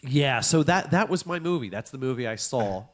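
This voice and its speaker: A man's voice: mid-range voice, expressive, normal speed. A man co-hosting a comedy podcast, ranting animatedly and profanely, often acting out his own exasperated reactions. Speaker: podcast co-host. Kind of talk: casual comedic chat.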